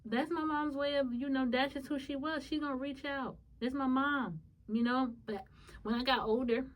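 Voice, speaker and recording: A woman hosting a solo podcast, telling a personal story in a casual, emotional way, talking to her listeners as y'all and swinging between soft musing and sudden high, excited bursts. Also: normal speed, recorded from a distance. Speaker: podcast host.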